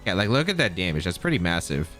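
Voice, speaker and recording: Bright, animated man commentating gameplay. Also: deep voice, quick pace, soft background music. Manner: thinks aloud, second-guessing plays. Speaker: competitive game player.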